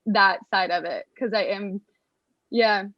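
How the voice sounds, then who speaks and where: A young American actress talking casually in an interview, chatty and self-deprecating with lots of fillers. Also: female voice, mid-range voice, fairly even intonation, slow pace, no room sound. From United States. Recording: dull, dry lo-fi sound.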